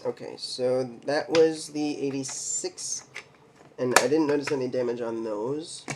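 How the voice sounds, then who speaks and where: A man hosting a card collecting video, slowly reading names off cards, stumbling over some and making little jokes to himself. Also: medium pitch, steady tone, heavy background noise. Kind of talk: casual mail day card showcase.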